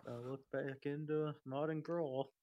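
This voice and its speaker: Young dm guy joking with his players, bit of a higher voice, swears casually. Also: little pitch movement, unhurried, lo-fi sound. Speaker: game master. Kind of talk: casual chat.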